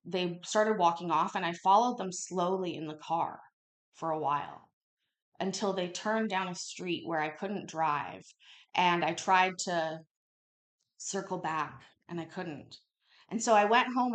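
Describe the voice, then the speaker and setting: Lady streaming from her kitchen, kinda low voice, tells stories loud and sweary. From Canada. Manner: animated, swears freely, acts out quotes loudly. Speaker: livestream host. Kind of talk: casual storytelling. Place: home kitchen. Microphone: home livestream mic.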